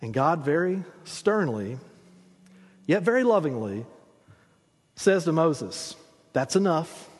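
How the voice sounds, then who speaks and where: A man's voice: on the high side, very animated, slow, pauses often, slightly rough, in a large hall. A man preaching a sermon, retelling scripture as conversational storytelling with frequent restarts.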